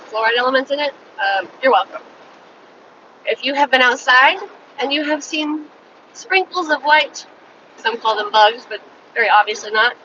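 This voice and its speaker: A woman with a high, bright voice talks in an emphatic, pleading way, repeating herself for weight. She sounds set back from the mic, and the recording is dull and lo-fi, with a faint hiss behind her. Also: recorded from a distance. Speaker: vlogger. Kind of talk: emotional direct-to-camera monologue.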